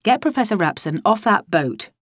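A woman's voice: medium pitch, big pitch swings, normal speed, no echo. A woman reading an audiobook, voicing a wry, easygoing male colleague with a dry, amused delivery.

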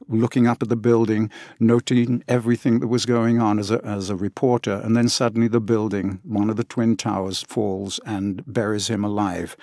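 A man's voice: on the low side, a little mellow, no room sound, clean studio sound. An English man, an audiobook narrator, answering interview questions in an enthusiastic, chatty way with frequent fillers.

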